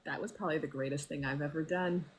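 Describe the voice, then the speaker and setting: A husky woman with a lowish voice chats on a livestream. She rants in an animated, nerdy way and swears freely. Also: fast, soft background music. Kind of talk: casual livestream chat.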